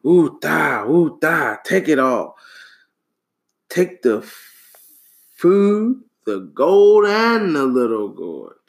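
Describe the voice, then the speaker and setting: A man's voice: medium pitch, very animated, takes it slowly. Man playing a greedy whiny storybook king, bossy and demanding, voice jumps around.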